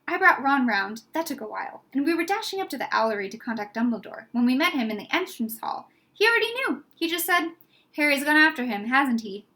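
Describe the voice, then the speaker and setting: A woman voicing an excitable, anxious clever schoolgirl in a storybook reading. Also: sits high, heavily acted. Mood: excited. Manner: excited, rushed.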